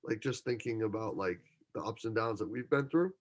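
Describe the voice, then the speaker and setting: A man's voice: fairly low pitch, expressive, fairly quick. A man hosting a podcast, upbeat and slangy, calling his guest "dude" and sounding enthusiastic. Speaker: podcast host. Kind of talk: casual podcast interview.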